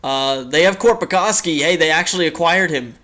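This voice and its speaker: A man's voice: on the high side, fairly quick, bright, forceful tone. A young man casually commenting on a hockey video game as its host, rambling with many fillers and the odd swear. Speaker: gaming channel host.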